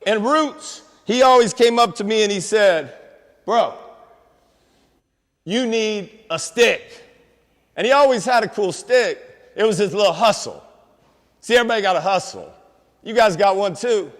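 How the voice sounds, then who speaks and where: High-voiced man preaching in a hall. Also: lively intonation, moderate pace. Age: 50s. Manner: preachy, streetwise, calls out to the crowd. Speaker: motivational speaker. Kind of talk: inspirational school assembly talk. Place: school auditorium. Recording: long hall reverb in a large auditorium.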